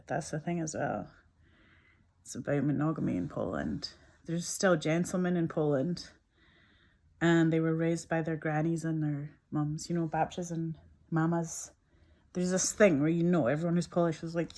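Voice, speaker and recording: A woman talking in a chatty, meandering way, full of "like" fillers and quick laughs, while sipping a juice. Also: low voice, steady tone, warm tone. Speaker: filmmaker talking to camera. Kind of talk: casual rambling monologue.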